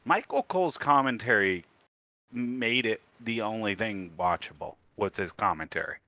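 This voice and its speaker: A man's voice: lowish voice, animated, moderate pace, pushed and bright, no room sound. A man co-hosting a wrestling podcast in casual chat, matter-of-fact and brief. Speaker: podcast co-host.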